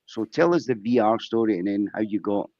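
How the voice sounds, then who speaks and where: A man's voice: on the low side, a little fast, mellow, no room sound. A man hosting a casual interview, playful and teasing with his guest. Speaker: host. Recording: dull lo-fi sound.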